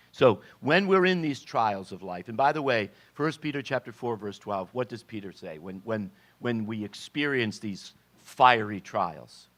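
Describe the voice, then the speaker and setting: A man's voice: on the low side, a bit bright. Man preaching a casual, conversational sermon. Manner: conversational, with frequent restarts and rhetorical questions. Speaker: pastor. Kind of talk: informal sermon talk.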